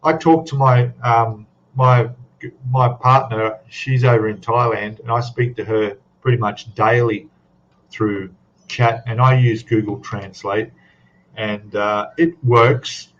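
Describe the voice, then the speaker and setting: Australian male stream host, mid-pitched, casual and rambling, dull lo-fi audio. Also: fairly even intonation, slow. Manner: rambling, chatty, tags questions with "eh?". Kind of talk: casual chat to a live audience.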